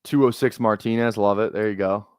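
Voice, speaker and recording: A man from Minnesota chatting casually on a live stream while drafting fantasy football, rambling into excitable, profane rants full of filler words. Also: fairly low pitch, fairly quick, smooth, dry recording, studio quality. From Minnesota, USA.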